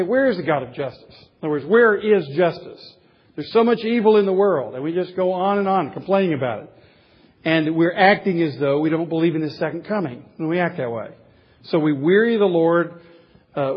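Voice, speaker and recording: A man's voice: on the high side, husky, lo-fi sound. A man preaching a sermon as a pastor, reading scripture aloud and then explaining it with childhood stories.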